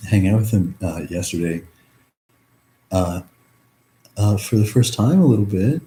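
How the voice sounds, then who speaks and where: Deep-voiced young man, rambling and roomy. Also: expressive, moderate pace, mellow, a little hiss or hum. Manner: rambling, filler-heavy, swears freely. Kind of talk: reflective personal monologue. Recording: echoey room.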